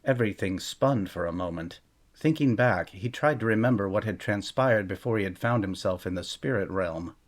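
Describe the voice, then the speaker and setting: Low-pitched man, audiobook narration, measured and steady. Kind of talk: scripted fantasy audiobook narration.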